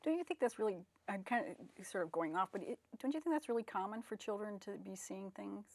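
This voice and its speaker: A woman hosting a talk show, asking rambling questions in a hesitant way and filling pauses with fillers. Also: mid-range voice, lively intonation, darkish tone, dry recording.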